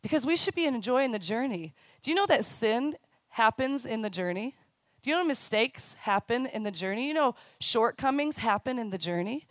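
A woman in her thirties, a youth minister, giving a chatty, animated sermon. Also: a little high, no room sound. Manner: chatty, animated storytelling with quick asides. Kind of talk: conversational sermon. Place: church stage.

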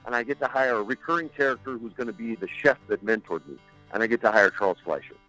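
A man telling an animated story as a podcast guest, casually swearing and laughing. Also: mid-range voice, fast talker, no room sound, faint music behind, poor audio.

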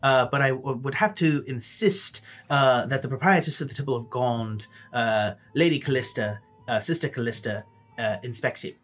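A man putting on a pompous male guard officer for a tabletop role-play, flustered and fawning, tripping over his words. He rolls his consonants and works his jowls as he grovels to a noble. The voice sits at an ordinary male pitch. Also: normal speed, a bit bright, soft background music, close to an everyday voice. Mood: deferential. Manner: stammering, overly deferential, rolled consonants.

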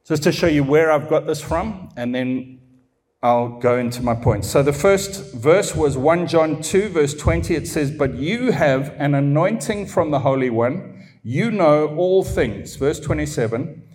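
High-voiced man preaching a sermon. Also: animated, faint music behind. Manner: emphatic, swings between soft asides and raised exhortation; reads scripture slowly and deliberately.

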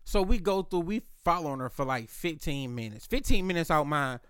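A podcast host telling a casual story in a loud, animated, slangy way, with plenty of cursing. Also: male voice, fairly high pitch, a little fast, clear, resonant tone, no room sound, studio quality.

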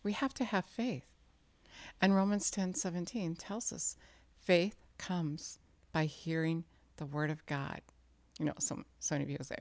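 A woman's voice: a little slow, a little mellow, no room sound. A woman preaching an earnest sermon, acting out quoted lines with a rising voice and sometimes dropping to a near whisper for emphasis. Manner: earnest, acts out quoted speech with rising pitch.

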